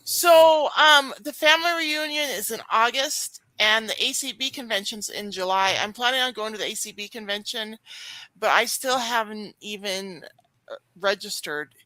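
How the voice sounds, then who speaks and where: A woman's voice: on the high side, moderate pace, sharp tone, no echo. A woman co-hosting a podcast in casual chat, outspoken and restarting her sentences often. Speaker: podcast co-host.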